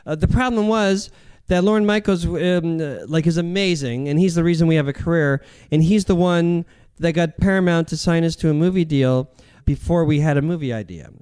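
Male comedian, interview guest; smooth, somewhat high voice, self-deprecating storyteller. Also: normal speed, a little mellow. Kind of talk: casual anecdotal interview.

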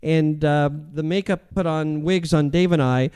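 Smooth-voiced comedian telling stories. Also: male voice, fairly high pitch, fairly even intonation, unhurried, mellow. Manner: rambling, self-deprecating storyteller. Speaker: comedian guest. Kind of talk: casual anecdotal interview.

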